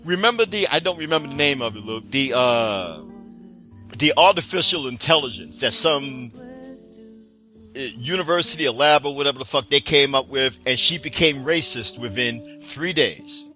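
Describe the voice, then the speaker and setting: A man's voice: medium pitch, expressive, moderate pace, bright, forceful tone, soft background music. A man delivering a heated, profane political rant, full of sarcasm and mocking asides. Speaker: political commentator.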